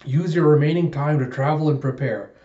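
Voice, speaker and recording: Formal middle-aged samurai retainer, stiff and commanding, a mellow voice, as a man puts him on. Roomy, slightly muffled home recording. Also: a little high, a little fast, far from the mic, natural voice.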